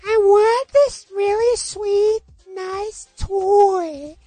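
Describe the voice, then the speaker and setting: Spoiled, whiny little kid, squeaky high and demanding. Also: male voice, very slow, warm tone, no room sound, soft background music, full character voice. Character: bratty demanding little American kid, about four.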